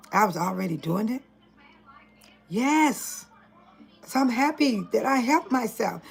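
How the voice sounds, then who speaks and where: A woman's voice: medium pitch, gravelly, rough recording. An older woman from Illinois talking earnestly at home in a casual vlog, preaching with emphatic repetition. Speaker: vlogger.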